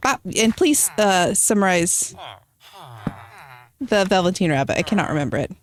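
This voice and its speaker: A woman's voice: mid-range voice, very animated, normal speed. A woman streaming a video game, chatting casually and playfully with her viewers and teasing them as she reads their messages. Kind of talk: casual gameplay live-stream chat.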